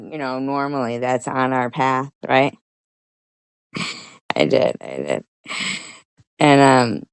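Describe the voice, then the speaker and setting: A woman's voice: very deep voice, clear, resonant tone, no echo. A woman vlogger casually telling a rambling story, swearing and laughing often.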